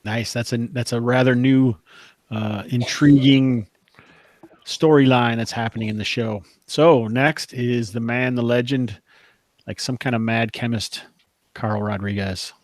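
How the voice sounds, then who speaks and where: A man's voice: mid-range voice, fairly even intonation, a little slow, no room sound. A man hosting and running a tabletop role-playing game as game master, upbeat and laughing often.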